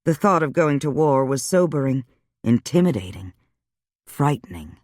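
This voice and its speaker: A male audiobook narrator reading in an even, measured storytelling voice at a middle pitch. The recording is dry and close, with no room sound. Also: no room sound. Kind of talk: scripted narration.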